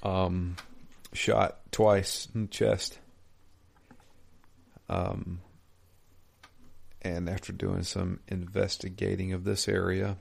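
A laid-back man chatting about a game. His voice is very low and gravelly with fry. He fills his pauses with um and uh. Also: level tone. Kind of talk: casual chat about a video game.

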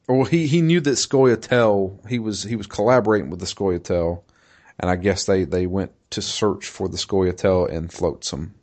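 A man in casual chat, recapping a game in a halting way with many fillers and restarts. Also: deep voice, a little mellow. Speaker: podcast co-host recapping a video game.

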